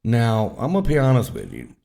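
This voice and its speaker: A man's voice: medium pitch, wildly swooping pitch, brisk, vocal fry, warm tone. A man co-hosting a podcast in laid-back, joking casual chat with a friend, swearing casually. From Cincinnati area. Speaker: podcast co-host.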